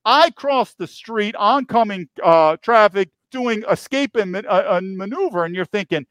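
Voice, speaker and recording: A man's voice: sits high, lively intonation, normal speed, few pauses, fairly bright tone, dry recording. A man from New York, a podcast guest, telling a story emphatically and repeating key phrases. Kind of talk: storytelling interview.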